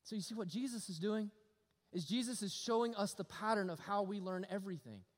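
High-voiced preacher in a reverberant hall. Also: male voice, fairly quick. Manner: animated, folksy preaching with humor and repetition. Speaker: pastor. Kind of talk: sermon.

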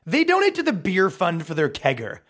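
Male comedy podcast host, mocking and profane, slightly high voice. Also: huge pitch swings, fairly quick, fairly bright tone. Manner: mocking, sarcastic, swears freely. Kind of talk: sarcastic comedic rant.

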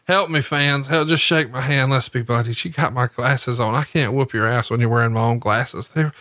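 A man's voice: medium pitch, moderate pace, sharp tone, dry recording, clean studio sound, close to an everyday voice. A man putting on a wrestler pleading in mock fear, whiny and profane. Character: cocky male wrestler begging mock-scared.

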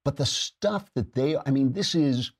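A man's voice: mid-range voice, lively intonation, measured pace, a little mellow, breathy edge. A man hosting his podcast, delivering a sarcastic, mocking political commentary monologue. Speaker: podcast host.

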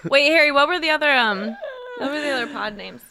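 A woman's voice: high voice, animated, fast talker, a crowd in the background. A woman co-hosting a podcast, chatting casually and riffing playfully on jokes. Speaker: podcast co-host. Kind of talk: casual group chat.

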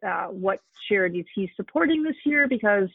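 Chatty mom guest, casual storyteller, heavy on fillers, muffled dry sound. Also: female voice, medium pitch, lively intonation, normal speed, breathy edge, dry recording. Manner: chatty, many fillers and restarts. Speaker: guest, mother of a young fan.

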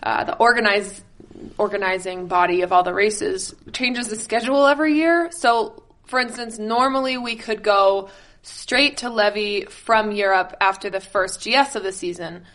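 A woman's voice: medium pitch, normal speed, fairly bright tone. A woman in her twenties chatting as a guest, laughing often and restarting her sentences. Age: 20s. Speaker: guest, pro skier. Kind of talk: casual chat.

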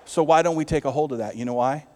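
Man, pastor, sermon, fairly high voice, loud and soft swings, long hall reverb. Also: fast, some chatter behind, slight background noise. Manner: preaching with strong swings between loud and soft.

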